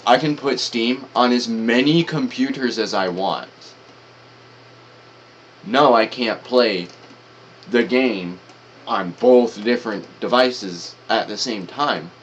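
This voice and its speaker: A man's voice: mid-range voice, slow pace, highs cut off, a little hiss or hum. A man streaming, giving casual, slangy reaction commentary with some swearing.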